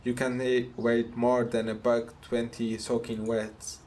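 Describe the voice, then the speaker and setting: A man voicing a gruff, protective mobster who scolds bluntly and swears while reading game dialogue aloud. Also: mid-range voice, level tone, a little slow, darkish tone, a little hiss or hum, lightly acted. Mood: scolding.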